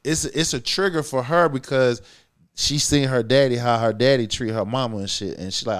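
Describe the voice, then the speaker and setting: A man's voice: mid-range voice, moderate pace, smooth. A man co-hosting a podcast, talking casually in a blunt, profane, emphatic way, often checking in with "you feel what I'm saying". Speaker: podcast co-host.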